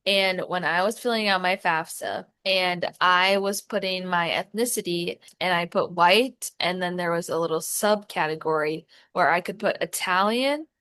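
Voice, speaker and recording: A young woman co-hosting a podcast, chatting casually with relaxed, jokey remarks. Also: fairly low pitch, normal speed, few pauses, clean tone, dry recording. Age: young adult. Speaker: podcast co-host. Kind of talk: casual chat.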